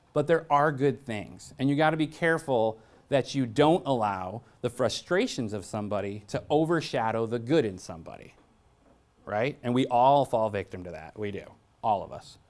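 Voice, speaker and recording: A blunt, joking man giving a staff training talk. His pitch swings in a lively way as he tells stories. He keeps asking the audience questions. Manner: asks the audience frequent questions. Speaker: workshop presenter.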